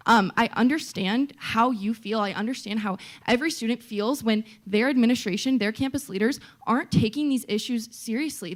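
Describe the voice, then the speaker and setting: Young woman answering in a student debate. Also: medium pitch. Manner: conversational, with many fillers. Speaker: vice-presidential candidate in a student debate.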